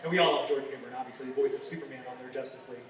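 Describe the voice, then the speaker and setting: A man's voice: medium pitch, fairly even intonation, very fast, background noise. A man moderating a convention panel, asking the guest questions in a friendly way. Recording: echoey hall recorded from far off.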